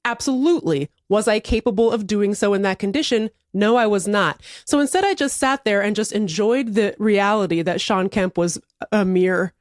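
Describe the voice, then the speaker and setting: A woman in her thirties spins a story as a podcast co-host, laughing often and acting out the voices in her quotes. Her pitch sits in the middle of the range. The recording is dry and close. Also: normal speed, hardly any pauses, no room sound. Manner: animated, laughing, acts out quotes. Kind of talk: casual storytelling chat.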